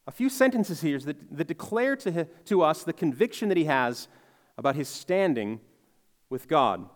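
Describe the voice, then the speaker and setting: Earnest high-voiced man preaching in a hall. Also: sing-song, normal speed. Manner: earnest, emphatic on key words, reflective. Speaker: pastor. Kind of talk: sermon.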